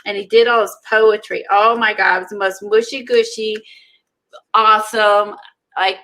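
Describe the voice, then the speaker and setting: A woman chatting casually while making art, gushing and excitable, often breaking into giggles. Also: medium pitch, normal speed, rough recording. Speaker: co-host making mixed media art. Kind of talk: casual chat while crafting.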